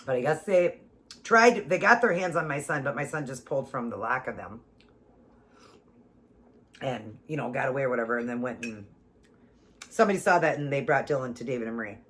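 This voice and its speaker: A woman vlogger telling a personal story to her viewers in a casual, animated and emphatic way. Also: a bass voice, a little fast, long pauses.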